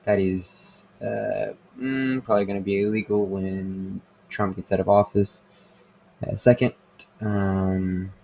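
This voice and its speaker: A man's voice: lowish voice, level tone, slow pace, creaky, mellow. A young man hosting a casual podcast, rambling and swearing a lot, with many fillers. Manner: rambling, profane, full of fillers. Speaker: podcast host. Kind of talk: casual crude monologue.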